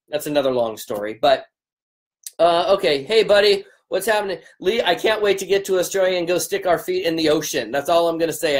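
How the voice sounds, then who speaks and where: A business coach, a man, chatting casually on a livestream, greeting viewers by name in an upbeat, rambling way, his voice strained and cracking from a long day of talking. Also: a little high.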